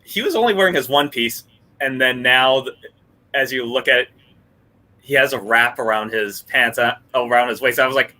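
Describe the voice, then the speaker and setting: A man's voice: mid-range voice, animated, normal speed, bright, forceful tone, low-quality recording. A man hosting a casual movie discussion, talking animatedly and laughing often. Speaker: host.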